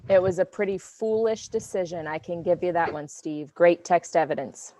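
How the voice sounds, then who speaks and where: A woman teacher leading an online class, brisk and often checking in with her students. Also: lowish voice, warm tone, a little hiss or hum. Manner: brisk, checks in with "okay?" and "all right?".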